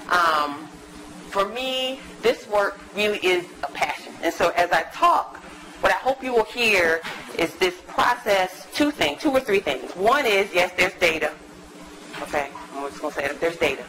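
A woman academic giving a lively, chatty talk to a live audience in a university lecture room, teasing the listeners as she goes. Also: fairly low pitch, normal speed, slight background noise, low-quality recording. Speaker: guest lecturer, academic psychologist.

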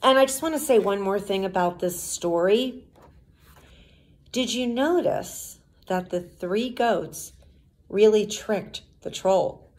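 A woman teacher reads a storybook aloud to children in an unhurried voice. She stops often to explain what is going on in a patient, explanatory way. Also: medium pitch.

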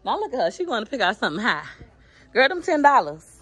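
A woman's voice: on the high side, sing-song, fast talker, a bit bright, breathy edge. A woman, chatting to viewers on a casual shopping vlog in a store, recorded on a handheld phone. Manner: chatty, addresses viewers directly. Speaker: vlogger.

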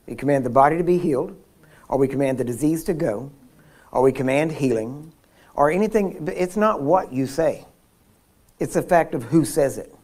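A man preaching at a healing seminar, telling personal stories with frequent laughs and restarts. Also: medium pitch. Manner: animated storyteller, laughs often, frequent restarts. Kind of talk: sermon with personal storytelling.

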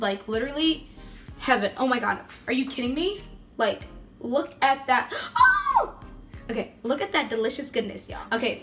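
A woman's voice: a little high, a bit bright. A young woman hosting a casual recipe vlog, gushing and talking straight to her viewers. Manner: gushing, keeps saying "you guys". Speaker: food vlogger.

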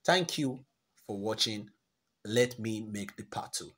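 A man's voice: lowish voice, animated, slow, fairly bright tone. A man hosting a screen-recorded app tutorial, chatty and encouraging, often repeating words as he walks through each step. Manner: encouraging, gives life advice. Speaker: tutorial host.

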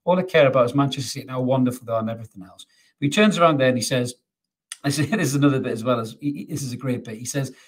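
A man's voice: medium pitch, very fast, breathy edge. A man, ranting angrily as host of a football fan channel, swearing and mocking. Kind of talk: ranting commentary to camera.

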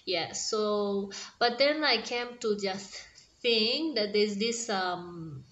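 A woman with a Kenyan accent talks straight to camera in an earnest, encouraging way, often pausing on fillers and restarting her sentences. Her voice sits in a middle pitch range. The room around her rings with a noticeable echo. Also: fairly bright tone, highs cut off. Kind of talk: casual talk to camera. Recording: roomy echo.

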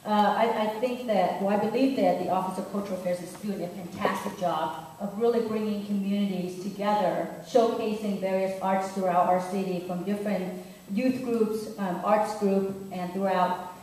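A woman's voice: mid-range voice, fairly even intonation, moderate pace, mellow. Woman candidate, echoey and distant. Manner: earnest, many fillers and restarts. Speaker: mayoral candidate. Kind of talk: forum answer. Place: theater. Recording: echoey room from far off.

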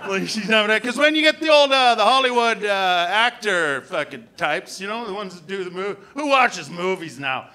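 A man from Canada doing live stand-up comedy, shouting and slipping into silly put-on voices and accents. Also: sits high, lively intonation, moderate pace, hardly any pauses.

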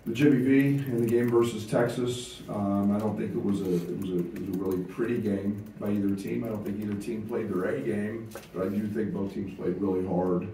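A low, very dark-toned man speaks as a head basketball coach at a press conference, halting often with fillers and restarts. He sounds distant from the mic in a very echoey room with a faint hiss. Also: steady tone.

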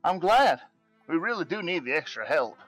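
A man's voice: fairly high pitch, big pitch swings, normal speed, a bit bright, faint music behind. A man voicing a cheerful, earnest adventuring band recruiter, breaking into giggles, as improvised game character voicing. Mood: upbeat.

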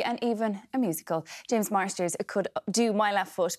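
A woman's voice: medium pitch, moderate pace, hardly any pauses. Woman presenting morning TV. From Ireland. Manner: playful, lively delivery of a scripted intro. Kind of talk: scripted TV introduction.

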